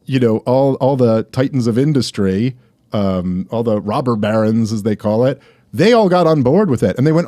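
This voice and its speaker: A man as a guest in an interview, talking casually, agreeing quickly and making his case with examples. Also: mid-range voice, animated, mellow, dry recording. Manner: casual, quick agreeing, argues with historical examples, laughs easily. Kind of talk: conversational interview.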